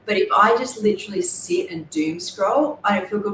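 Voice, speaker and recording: A woman's voice: mid-range voice, moderate pace, a bit bright, slight background noise. A woman hosting a casual cooking livestream from her kitchen, explaining as she goes and often correcting herself. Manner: rambling, self-correcting explanations. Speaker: livestream host. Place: home kitchen. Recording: echoey room with faint ambience.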